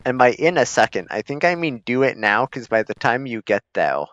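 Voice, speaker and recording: A man's voice: medium pitch, very animated, fairly quick, fairly bright tone, no echo. A man giving casual, joking gameplay commentary as a streamer, chuckling and talking to his units. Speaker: gaming streamer. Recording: dull lo-fi mic.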